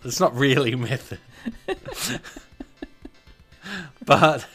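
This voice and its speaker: A man co-hosting a podcast in casual chat, joking dryly and trailing off quietly at the ends of his sentences. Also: medium pitch, sing-song, extremely slow, slightly rough, soft background music. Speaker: podcast co-host.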